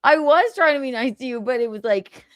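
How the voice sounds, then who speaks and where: A woman's voice: high voice, animated, fairly quick, a bit bright, no echo, studio quality. A woman hosting a livestream, arguing heatedly with a guest in a sarcastic, mocking, combative way. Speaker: livestream host.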